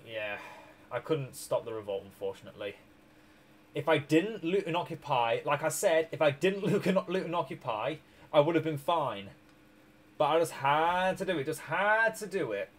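A man's voice: on the high side, expressive, moderate pace. Tired rambling male game streamer. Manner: rambling, self-correcting, chuckling. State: tired, has hiccups. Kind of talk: casual gameplay commentary.

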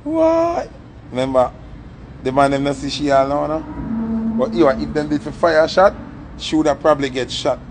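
A young man with a Jamaican accent telling a story in a casual, animated way and acting out the voices in it. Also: on the high side, brisk, a little hiss or hum. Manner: animated, acts out the story's voices, patois-heavy.

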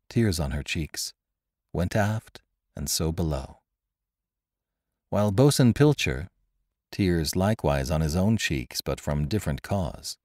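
A man reading an adventure story aloud as narrator, with expressive, dramatic delivery. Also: deep voice, no room sound, studio quality. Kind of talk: scripted narration.

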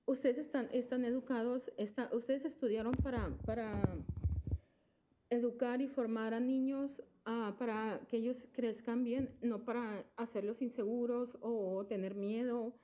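A woman speaking as a parent at a public meeting, emotional and halting, close to tears as she searches for words. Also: on the high side, steady tone, dull audio. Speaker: parent giving public comment.

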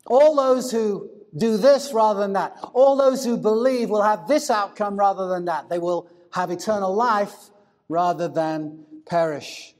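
A man preaching a sermon in a higher-than-usual voice. He is deliberate and emphatic, drawing out important words and slowing down for stress. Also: a little mellow. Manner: deliberate, emphatic, stretches key words slowly. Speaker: pastor.

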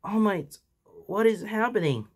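A man's voice: lively intonation, measured pace, slightly rough, heavily acted. A man doing Midoriya, frantic teen boy hero. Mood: desperate. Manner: high, strained and frantic. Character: young teen boy hero, anxious and earnest. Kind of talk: fan fiction reading.

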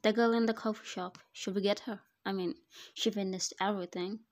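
A woman's voice: mid-range voice, steady tone, brisk, natural voice. A woman voicing an inquisitive male assistant to a mafia boss, asking questions in a fan fiction voice-over. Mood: questioning.

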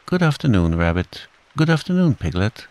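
A man voicing a polite, motherly female kangaroo who speaks in a soft, coaxing way. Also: on the low side, big pitch swings, normal speed.

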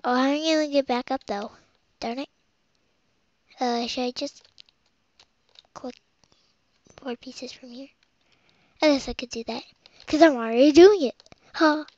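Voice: high-pitched, measured pace, long pauses, a little mellow, no echo. A child rambling through game commentary as host of their own let's play, with muttered asides. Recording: dull lo-fi home recording.

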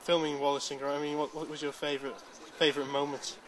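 A male reporter introducing a story and then asking an actor brisk, plain interview questions outdoors. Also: a little high, little pitch movement, a bit bright, poor audio.

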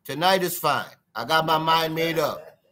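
A man's voice: on the high side, normal speed, pushed and bright. A man from Trinidad with a Trinidadian accent, a guest drummer chatting playfully and laughing often. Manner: playful, laughs often, slips into put-on voices. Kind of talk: casual chat.

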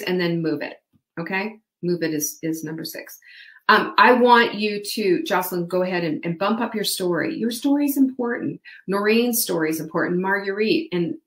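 A woman's voice: mid-range voice, a bit bright, roomy sound. A woman hosting a live online show, giving upbeat motivational coaching and speaking to her viewers by name. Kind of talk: motivational live-stream talk.

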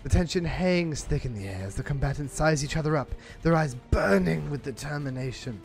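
A man's voice: animated, a little fast, creaky, faint music behind. A man voicing a theatrical British fight announcer with a put-on Cockney accent, reading out a battle story in a grandiose way. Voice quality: booming, grandiose, pompous.

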